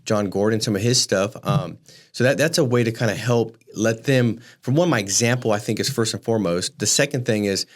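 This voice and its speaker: Fast-talking man, animated storyteller. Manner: animated storyteller, rises in pitch for emphasis. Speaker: podcast co-host. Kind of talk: casual podcast conversation.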